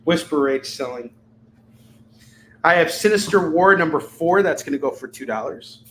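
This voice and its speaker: A man's voice: fairly high pitch, animated, fairly bright tone, slight background noise, low-quality recording. A man hosting a live shopping stream, calling out items and prices in a chatty, joking way. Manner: chatty, jokey, rapid-fire price callouts. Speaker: live shopping show host. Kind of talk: live-stream selling chat.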